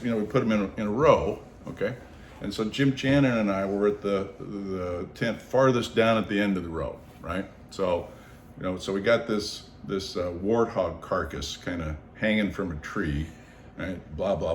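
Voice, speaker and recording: A man from Seattle telling a long story in casual conversation. He is animated, acts out the voices of the people in it and swears freely. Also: deep voice. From Seattle, United States. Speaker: storyteller on his own show. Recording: roomy echo, faint background noise.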